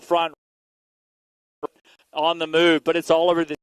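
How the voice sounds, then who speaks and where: A man giving energetic live play-by-play commentary at an outdoor BMX race, calling out riders and bike numbers. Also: on the high side, a little slow, smooth, no room sound. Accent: Canadian. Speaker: race announcer.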